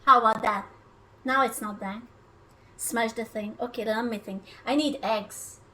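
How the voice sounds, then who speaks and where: Heavy background noise sits under a woman's slightly high, steady voice as she livestreams her cooking at a measured pace. Chatting from her kitchen, she keeps up playful, teasing banter with chat.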